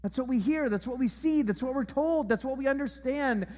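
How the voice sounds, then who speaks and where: High-voiced pastor preaching in a hall. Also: male voice, a little fast, a little mellow. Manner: emphatic, repeats key phrases. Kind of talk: sermon. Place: church auditorium.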